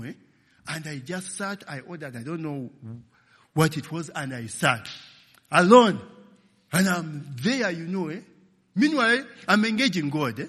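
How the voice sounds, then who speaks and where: A middle-aged Ugandan pastor preaches in a large hall with a long echo, his high voice carrying a breathy edge. Animated, he weaves in personal stories and keeps checking with the congregation, calling out "okay?" and "eh?".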